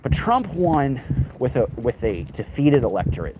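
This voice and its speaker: Strolling down a city street, a man chats casually with his live stream on a handheld phone, sarcastic and rambling as he drifts between points and swears freely. His voice is medium-pitched at normal speed, with steady traffic noise running behind it.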